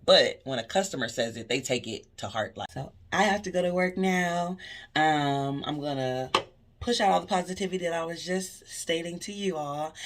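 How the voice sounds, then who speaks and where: A woman who works as a cashier, talking in a casual vlog, telling animated stories about customers and preaching positivity. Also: deep voice. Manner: animated storytelling, acting out customer exchanges.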